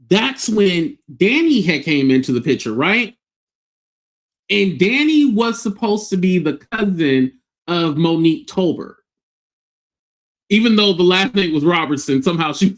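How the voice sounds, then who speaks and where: A man casually retelling an online drama as a commentary host, animated and often acting out the voices of the people he quotes. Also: sits high.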